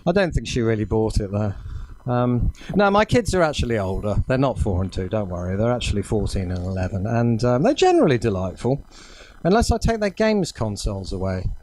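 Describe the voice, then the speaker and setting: A man's voice: fairly low pitch, very animated, fairly quick, darkish tone, a little hiss or hum. A man doing a self-deprecating stand-up set, full of ums. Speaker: stand-up comedian. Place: small cafe venue, indoors.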